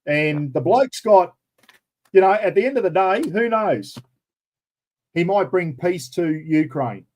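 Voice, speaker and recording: A man's voice: high-pitched, expressive, a little slow, a little mellow, low-quality recording. Chatty Australian man hosting a livestream. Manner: chatty, rambling, uses mate a lot. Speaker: livestream host. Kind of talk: casual live chat.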